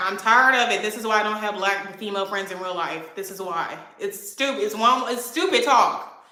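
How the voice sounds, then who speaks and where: A woman's voice: medium pitch, moderate pace, pushed and bright. A woman in her twenties, a vlogger, ranting brashly and profanely at critics while answering viewer comments. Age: 20s. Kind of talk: heated livestream rant. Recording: echoey room.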